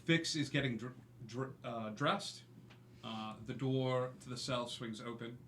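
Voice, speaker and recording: A man's voice: medium pitch, steady tone, a little slow, fairly bright tone. Man narrating a tabletop game in an echoey room. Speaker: game master. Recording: echoey room with faint noise.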